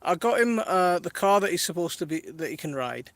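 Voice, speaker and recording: Lively chatty dad in a garden. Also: male voice, high voice, a little fast, no echo. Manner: chatty, laughs often, reads viewer comments aloud. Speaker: live-streaming dad. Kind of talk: casual live stream chat. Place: outdoors in a garden.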